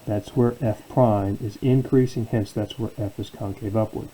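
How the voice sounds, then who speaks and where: A man's voice: on the low side, steady tone, moderate pace, warm tone, rough recording. A man teaching a calculus lesson as a professor, asking questions and answering them himself. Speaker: math professor. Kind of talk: calculus lecture.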